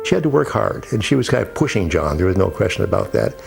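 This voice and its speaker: A man with a gravelly voice speaking in a documentary interview. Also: fairly low pitch, very animated, fast, music in the background.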